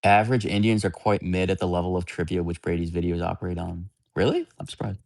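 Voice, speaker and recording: A man hosting a live stream, answering viewer questions in loose, candid chat. His voice sits fairly low, and he talks bluntly and rambles from point to point. The sound is close and dry, with almost no room around it. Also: fairly even intonation, fast talker, vocal fry, darkish tone, dry recording. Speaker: livestream host.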